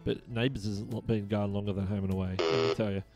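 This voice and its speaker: Soft background music plays as an Australian man runs a laid-back trivia livestream. He reads the chat aloud, chats away and chuckles frequently, speaking quickly in a lowish, darkish voice.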